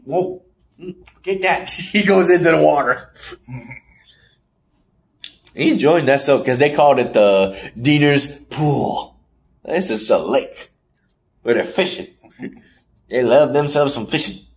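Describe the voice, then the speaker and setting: Animated man recapping wrestling. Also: mid-range voice. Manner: animated, acts out wrestlers in put-on voices. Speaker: podcast host.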